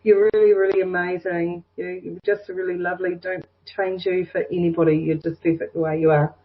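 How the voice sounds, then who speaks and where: A woman's voice: lowish voice, flat delivery, brisk. Woman doing a spiritual reading on a video call, gushy and encouraging, kinda muffled lo-fi sound. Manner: effusive, encouraging, full of praise. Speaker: intuitive reader.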